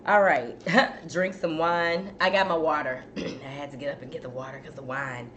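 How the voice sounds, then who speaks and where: A woman's voice: sits low, steady tone, normal speed, fairly bright tone, muffled recording. Chatty woman host with a coughing, dry throat. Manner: chatty, addresses viewers as "y'all". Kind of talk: casual live-stream chat. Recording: faint background noise.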